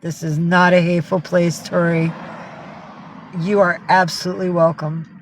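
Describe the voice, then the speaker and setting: A woman's voice: fairly low pitch, level tone, normal speed, slight background noise. A woman from upstate New York running a casual livestream. She chats easily, greets her viewers one by one and drops curse words without a second thought. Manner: chatty, greets viewers by name, swears freely. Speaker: livestream host.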